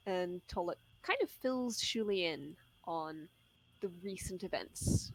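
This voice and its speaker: A woman's voice: on the low side, measured pace, slightly rough, no echo, rough recording. A woman running a tabletop game as game master, narrating scenes and voicing townsfolk. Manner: lively, voices townsfolk.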